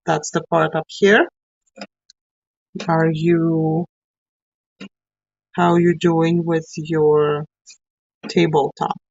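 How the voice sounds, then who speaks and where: A woman's voice: deep voice, little pitch movement, extremely slow, pauses often, a little mellow, no room sound. A woman teaching a live painting class, chatty and encouraging as she works along with her students. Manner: chatty, encouraging, talks while working. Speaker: art teacher. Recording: dry, slightly dull sound.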